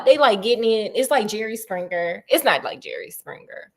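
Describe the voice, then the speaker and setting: A woman's voice: on the high side, very animated, normal speed, hardly any pauses. A woman retelling a story in a casual, chatty way, with digressions and laughing asides.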